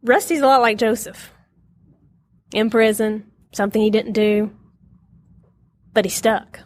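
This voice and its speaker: A woman's voice: fairly high pitch, fairly even intonation, unhurried, dry recording. A middle-aged woman teaching a casual Bible lesson to a group, telling stories with animation, laughing often and acting out quotes.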